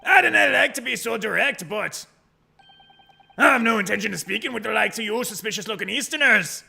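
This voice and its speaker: A man voicing a brawny, hostile male prison governor in a game, speaking loudly and gruffly with a put-on Scottish-style brogue. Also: high voice, lively intonation, a little fast, voice pushed up, exaggerated voice.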